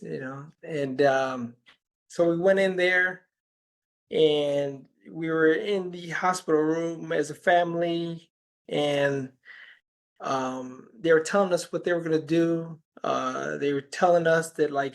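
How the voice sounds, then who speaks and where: A man's voice: a little high, steady tone, slow pace, creaky. A man talking as a guest in an interview, telling a long rambling story and quoting the people in it. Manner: rambling anecdotes, quoting conversations with "I'm like". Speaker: healer and podcast guest.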